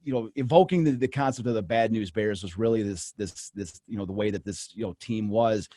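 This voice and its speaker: A man's voice: lowish voice, a little fast, warm tone, no echo, studio quality. A man co-hosting a casual podcast, telling history in a rambling, enthusiastic way with many restarts. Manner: enthusiastic storyteller. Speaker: podcast co-host and history researcher.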